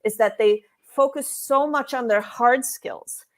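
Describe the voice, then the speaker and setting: A woman's voice: fairly high pitch, measured pace. A woman interviewed as a career coach for expats, talking casually with frequent restarts and filler words.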